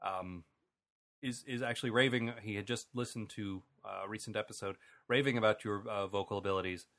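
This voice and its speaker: A man's voice: lowish voice, fairly even intonation, fairly quick, fairly bright tone. A man co-hosting a podcast in casual chat, joking and chatty with frequent fillers. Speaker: podcast co-host.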